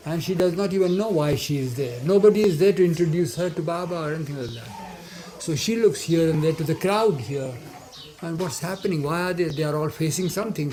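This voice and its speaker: A man's voice: a little high, dark tone. An older man telling a remembered story in a rambling way, full of trailing asides and restarts. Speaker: devotee recounting memories. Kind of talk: rambling spoken reminiscence.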